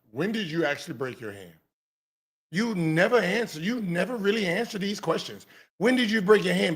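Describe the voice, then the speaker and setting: A man hosting a reaction show, commenting casually and mockingly on video clips. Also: high-pitched. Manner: mocking, loud, laughing and shouting at times.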